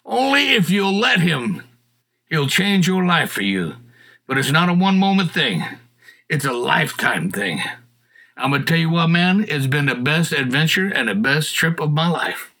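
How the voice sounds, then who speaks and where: A middle-aged man tells his personal story in a folksy, earnest way. His voice is bright and forceful, with a husky grain, and sits a little high for a man. He builds to loud, impassioned appeals. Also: big pitch swings, normal speed. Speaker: guest telling his testimony. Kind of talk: personal testimony.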